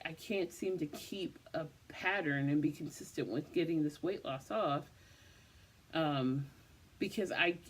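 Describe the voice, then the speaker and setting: A tired woman vlogging casually, rambling through the story of her day and repeating "I was just like" as she retells it. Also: low voice. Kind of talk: casual personal vlog.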